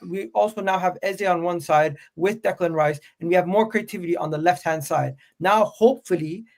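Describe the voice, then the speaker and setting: A man's voice: high voice, gravelly. A man with a North American accent hosting a heated football debate, insistent and prone to stammering and repeating himself as he argues. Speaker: football podcast host.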